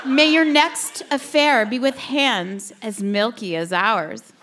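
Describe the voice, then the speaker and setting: A woman reads a comic poem to a live audience, drawing out each word very slowly in a mock-passionate style. Her voice sits a little high. Clear background noise runs under the live stage recording. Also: steady tone. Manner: slow, theatrical, mock-passionate. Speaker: guest reader. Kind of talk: mock-dramatic poetry reading on stage.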